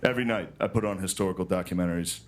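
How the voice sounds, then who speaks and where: A man doing a stand-up monologue on a TV studio stage, telling deadpan, self-deprecating stories to a live audience. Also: low voice, racing. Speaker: stand-up comedian. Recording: broadcast audio with audience noise.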